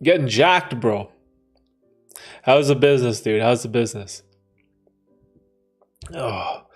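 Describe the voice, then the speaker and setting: Male livestream host at a mid-range pitch, easygoing slangy banter, reading chat aloud, music faint underneath. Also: animated, slow pace, husky. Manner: laid-back slangy banter, frequent laughter.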